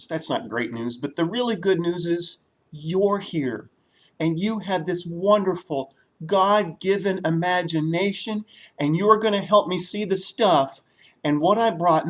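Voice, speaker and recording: A man leading a children's story time in church, an animated storyteller who gets the kids to repeat lines with him and acts out echoes by repeating words more and more softly. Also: a little high. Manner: animated storyteller, leads children in call-and-response; mimics a fading echo by repeating words softer. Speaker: children's minister.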